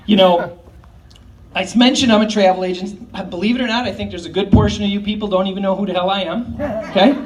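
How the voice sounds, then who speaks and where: A man's voice: high-pitched, steady tone, quick pace, a crowd in the background. A man in his fifties doing a rambling, crude, self-mocking stand-up comedy set. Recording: distant mic, noisy live room.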